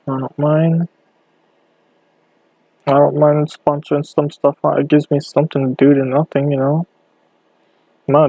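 A man hosting a casual late-night solo podcast, rambling and halting as he thinks aloud while clicking around on his computer. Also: a little high, dark tone, dry recording, rough recording. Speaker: podcast host.

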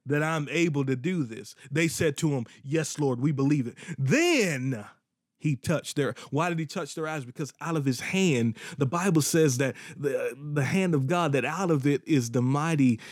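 A man's voice: on the high side, expressive, a little slow, dry recording, studio quality. A man preaching a podcast sermon, repeating phrases for emphasis and breaking into sudden whoops and exclamations.

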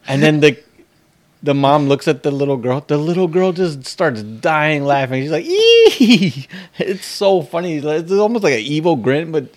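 A man's voice: a little high, normal speed, a little mellow. A man co-hosting a podcast, telling rambling anecdotes in laid-back casual chat. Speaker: podcast co-host.

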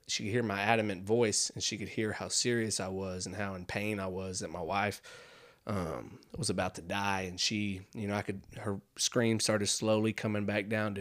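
A man hosting a podcast, telling a comedic story in a rambling, animated way and calling the listener "dude". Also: lowish voice. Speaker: podcast host.

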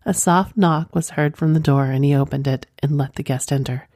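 A woman narrates an erotic story in a soft, sensual voice. Her tone is low, dark and mellow. The recording is dry and close, with no room sound. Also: fairly even intonation, normal speed, no room sound.

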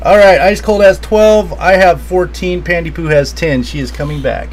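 A man reading out party game cards and keeping score in a casual, excitable, laughing way. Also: moderate pace, slight background noise, low-quality recording. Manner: excitable, laughing, swings loud and high. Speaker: player.

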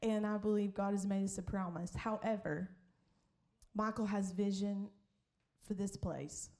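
A woman pastor tells a story from the pulpit. She is lively and quick to laugh, and her voice stays at a middle pitch. She slips into other people's voices as she goes. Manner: animated, laughing, acts out voices in stories. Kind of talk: sermon storytelling.

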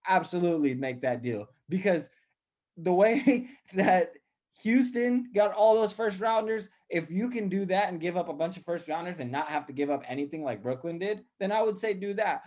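Young male host, slightly high voice, chatty, asks questions and laughs a lot. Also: lively intonation, normal speed, a little mellow. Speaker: podcast host. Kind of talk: casual sports talk.

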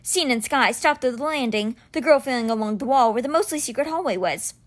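A woman reading a novel aloud chapter by chapter, with expressive storybook narration. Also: high-pitched, a little fast. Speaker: audiobook reader.

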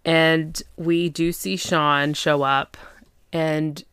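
A woman with a low voice runs through a TV episode recap as a chatty podcast host. She keeps dropping fillers and slips into the characters' lines. The sound is dry and close. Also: steady tone, slow, a bit bright, clear, resonant tone, dry recording.

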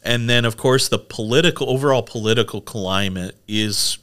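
A man's voice: medium pitch, normal speed, a bit bright, smooth. A man co-hosting a casual tech podcast, chatty and rambling with lots of fillers. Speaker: podcast co-host. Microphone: studio microphone.

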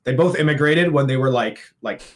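A man's voice: medium pitch, brisk. A young Canadian man co-hosting a podcast, chatting casually with lots of fillers and laughs. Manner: rambling, filler-heavy, laughing. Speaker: podcast co-host. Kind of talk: casual chat.

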